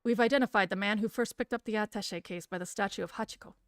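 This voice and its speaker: A woman doing a police director, businesslike briefing, steady, game reading. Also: mid-range voice, fast talker, no room sound, studio quality, natural voice. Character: brisk police director on the radio.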